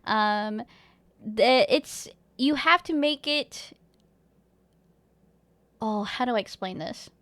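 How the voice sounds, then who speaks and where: A woman streamer talks casually and rambles, giggling as she reads her chat aloud. Her voice sits high and sounds bright. The sound is dry and close, with no room echo. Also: slow, pauses often.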